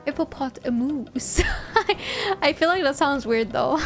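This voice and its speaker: A high-pitched woman streamer with a very lively, swooping voice, talking at an unhurried pace. She laughs often, stumbles over words and breaks into yells. Faint game music plays behind her. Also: creaky. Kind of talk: casual live-stream chat.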